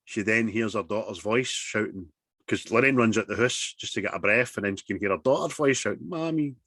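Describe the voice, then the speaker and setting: A man, casually recapping a horror film in sweary, animated chat. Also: lowish voice, fairly quick, slightly rough, no room sound.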